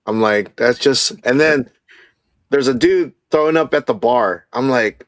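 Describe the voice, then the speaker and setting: A man's voice: medium pitch, measured pace, no room sound. A man on a casual podcast who is amused, jokey and laid back. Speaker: podcast guest. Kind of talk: casual comic-book discussion.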